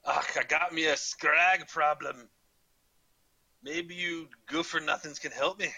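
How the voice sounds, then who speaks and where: A man's voice: a little high, steady tone, measured pace, pushed and bright, no echo, pitched above the performer's own voice, heavily acted, low-quality recording. A man voicing a prickly, bearded female dwarf researcher in a put-on Scottish accent, grumbling and dismissive.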